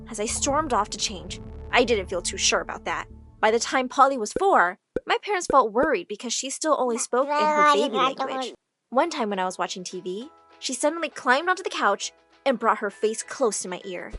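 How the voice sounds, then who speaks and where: A young woman telling a dramatic first-person story for an animation, expressive and emotional, often exclaiming. Her voice is high and very lively, leaping across a wide range of pitch. Faint music plays behind her. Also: moderate pace, no echo. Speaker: narrator.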